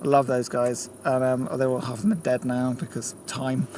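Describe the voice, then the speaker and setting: A man's voice: medium pitch, flat delivery, a little fast, a little mellow, slight background noise. An English man in a band, telling a drunk, laughing story in a car park outdoors. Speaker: band member.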